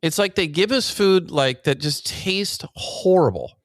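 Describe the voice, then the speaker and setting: A man's voice: fairly high pitch, expressive, unhurried, no room sound, studio quality. A man co-hosting a podcast, bantering in a playful, teasing way. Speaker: podcast co-host. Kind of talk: casual banter.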